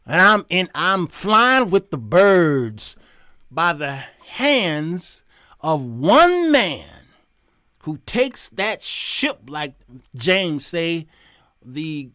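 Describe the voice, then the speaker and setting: A middle-aged man hosting his show, telling stories in a preachy, animated sermon style and quoting God in a stern voice. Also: a little high, very slow, no echo, studio quality. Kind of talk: sermon-like storytelling monologue.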